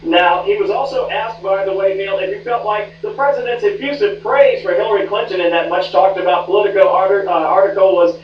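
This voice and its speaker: A man's voice: high-pitched, fairly even intonation, a little fast, few pauses, slight background noise. A man reporting as a television news correspondent, chatty and wry. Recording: dull, roomy, distant rebroadcast.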